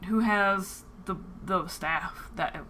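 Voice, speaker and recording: A woman's voice: medium pitch, takes it slowly, crowd noise. A woman acting as game master, speaking easygoingly and lightly self-deprecating in casual tabletop game chat over online voice chat.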